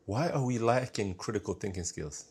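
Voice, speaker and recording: A man hosting a reaction video, musing casually and often trailing off quietly, with repeated remarks of disbelief. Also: on the low side, animated, normal speed, noisy background.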